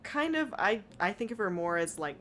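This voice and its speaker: A woman's voice: mid-range voice, big pitch swings, moderate pace, crowd noise. A woman co-hosting a casual podcast, blunt and wry, swearing freely. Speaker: podcast co-host.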